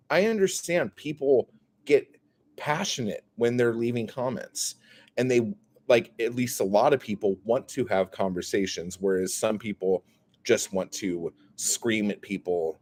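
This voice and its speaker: A man's voice: lowish voice, darkish tone. A man ranting casually to his live chat as a YouTuber, rambling, with lots of "like" fillers and some swearing. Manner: rambling, heavy on "like" fillers, profane.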